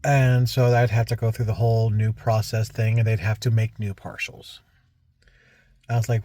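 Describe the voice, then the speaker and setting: Low-voiced man venting in a vlog. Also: level tone, moderate pace, dark tone, dry recording. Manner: rambling, frustrated storytelling with restarts. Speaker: vlogger. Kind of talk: casual vlog monologue.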